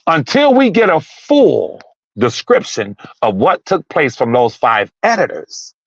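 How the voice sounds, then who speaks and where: A man's voice: fairly high pitch, wildly swooping pitch, unhurried, no echo, dull audio. A man calling into a live talk stream, arguing his point with heat, repeating himself and raising his voice. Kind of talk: heated casual debate.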